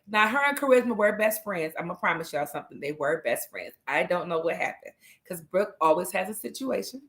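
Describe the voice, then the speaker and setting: A woman's voice: lowish voice, animated, fairly quick, a bit bright. A woman hosting a casual morning livestream, chatty and laughing often as she greets viewers by name. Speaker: livestream host.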